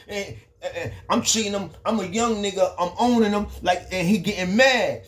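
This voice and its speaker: A man's voice: sits high, fairly quick, few pauses. Slangy New man telling stories. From the Bronx, New York. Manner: loose, repetitive, slangy, frequent restarts. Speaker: storyteller. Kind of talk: casual street storytelling.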